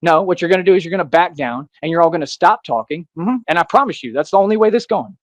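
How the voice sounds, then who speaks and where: An American man delivers a defiant rant, boastful and confrontational, circling back to the same points again and again. His voice sits a little high for a man. The sound is dry and close, with no room around it. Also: animated, quick pace, no echo. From United States. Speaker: self-styled vigilante. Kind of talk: ranting monologue to camera.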